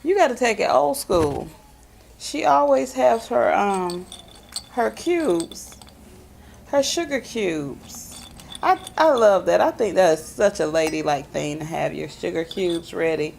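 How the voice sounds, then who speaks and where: Chatty woman with a gravelly voice. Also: mid-range voice, expressive, darkish tone, slight background noise. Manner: chatty, folksy, drawn-out emphasis. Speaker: vlog host. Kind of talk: casual chat to camera.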